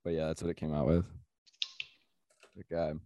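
A man's voice: a bass voice, little pitch movement, moderate pace, mellow, no echo, highs cut off. A man hosting a comedy podcast, joking and laughing often, restarting his sentences. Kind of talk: casual comedy podcast chat.

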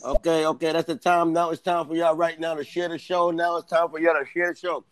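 A man's voice: fairly high pitch, flat delivery, fairly quick, no echo. Brash male stream co-host, crude teasing hype, dry close sound. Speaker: co-host of a live roast stream. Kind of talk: loud hype banter.

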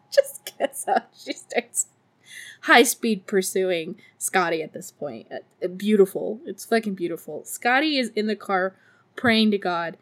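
A woman hosting a podcast, recapping a movie in a casual, profane, sarcastic way, laughing often and doing high voices for the characters. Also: lively intonation, a little slow. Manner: acts out characters in a high put-on voice. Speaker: podcast host.

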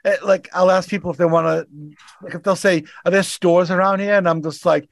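Boston dude cohost, high voice, dry close mic, acts out his stories. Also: fairly quick, gravelly, no room sound. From Boston, USA. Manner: animated storyteller, acts out callers. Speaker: podcast co-host. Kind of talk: casual chat, storytelling.

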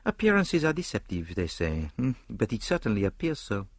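Man reading as a fussy Belgian detective, higher voice, French-accented, fastidious and airy. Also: huge pitch swings, mellow, slightly rough, no echo, clean studio sound, heavily acted. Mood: wry. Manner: French phrases in his English. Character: fussy middle-aged Belgian male detective.

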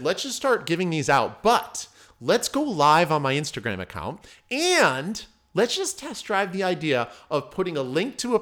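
A man guesting on a podcast, telling a story in a relaxed, chatty way. His voice sits a little high, and he brings the story to life by acting out what the other people said. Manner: animated, acts out voices in anecdotes. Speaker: podcast guest, mindset coach. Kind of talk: casual storytelling.

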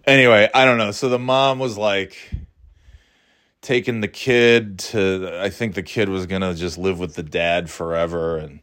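A man's voice: fairly low pitch, clean tone. A middle-aged man hosting a podcast, rambling in casual chat, swearing and mocking himself. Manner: rambling, profane, self-mocking. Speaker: podcast host.

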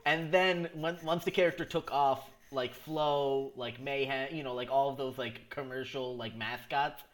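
A man's voice: mid-range voice, fairly even intonation, normal speed. A man co-hosting a podcast, recapping a comedy sketch in casual chat, rambling with frequent laughs and restarts. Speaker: podcast co-host.

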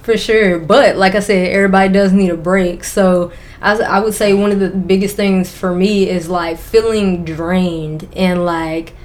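A woman's voice: mid-range voice, steady tone, a little slow, few pauses, a little mellow. Young woman cohosting a podcast, laid-back and frank, laughs a lot. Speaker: podcast co-host. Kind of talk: casual chat.

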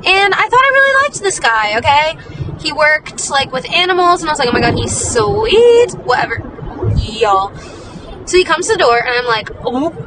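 A young woman with a high voice tells a story in a chatty, dramatic, self-mocking way. She sits some distance from the mic. City traffic and a crowd can be heard clearly behind her. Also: sing-song, normal speed. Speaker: podcast host. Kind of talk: casual storytelling monologue.

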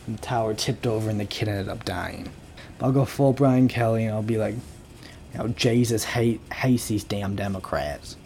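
A young man rambling through a sarcastic, deadpan comic monologue as host of his own talk show. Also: on the low side, slight background noise. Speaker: podcast host. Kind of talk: casual comedic monologue.

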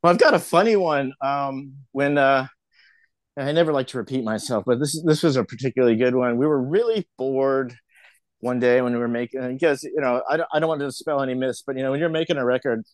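A middle-aged man from the San Francisco Bay Area, a filmmaker guest telling lively stories in casual chat and acting out the quotes. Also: medium pitch, fast, no echo. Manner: animated storyteller, acts out quotes.

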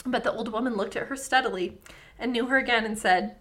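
A woman's voice: on the high side, quick pace, a bit bright, slight background noise. An American woman co-hosting a casual podcast, reading folktales aloud and breaking in with profane, joking asides. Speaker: podcast co-host.

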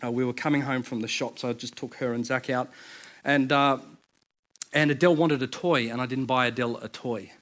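A man, a pastor in his thirties, preaching a sermon in a conversational, storytelling way with quick asides and restarts. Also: mid-range voice, steady tone, fairly bright tone.

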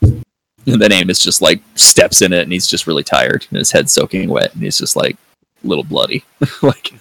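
A man's voice: deep voice, big pitch swings, normal speed, gravelly, bright, forceful tone, no echo, low-quality recording. A man hosting a podcast in casual review chat, rambling with lots of fillers and free swearing. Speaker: podcast host.

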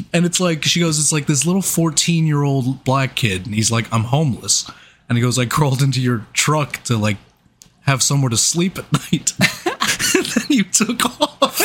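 A man's voice: fairly high pitch, lively intonation, takes it slowly, bright, forceful tone, husky. A man telling a wild story in casual podcast chat, laughing often and swearing. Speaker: podcast co-host.

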